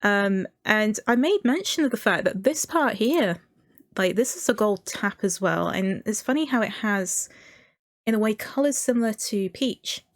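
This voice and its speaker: A woman's voice: medium pitch, animated, moderate pace, no echo, studio quality. A woman streamer chatting casually and enthusiastically about a movie trailer, with many fillers and little laughs. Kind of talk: casual commentary.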